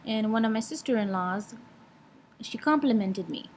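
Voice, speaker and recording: A woman's voice: a little high, expressive, moderate pace, a little hiss or hum. A young woman vlogging in a blunt, frank way, swearing freely while she lectures and gives advice. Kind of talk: casual vlog talk.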